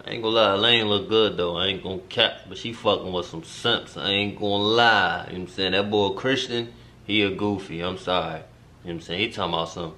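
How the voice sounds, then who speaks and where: A man's voice: low voice, fairly quick, pushed and bright. Slangy man reacting to a song. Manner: slangy, talks straight to viewers, repeats "you feel me"; earnest advice-giving, preachy streak. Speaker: reaction video host. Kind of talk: casual music reaction commentary.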